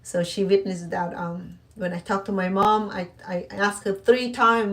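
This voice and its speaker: A middle-aged woman speaks a little away from the microphone, so her voice sounds slightly distant. Her talk is loose and rambling, full of restarts and fillers, in an even, mid-pitched voice. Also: moderate pace, hardly any pauses. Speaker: cooking channel host. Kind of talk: casual personal talk to camera.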